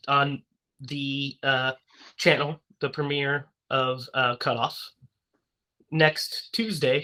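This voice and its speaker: Upbeat male podcast host, bright voice, casual chat, laughs easily. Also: mid-range voice.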